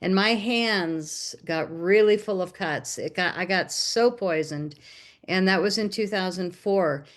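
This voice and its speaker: A woman's voice: on the low side, a little slow. An American woman, a documentary filmmaker and guest on an interview, tells a personal story casually and acts out the voices of the people in it. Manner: animated, acts out quoted dialogue.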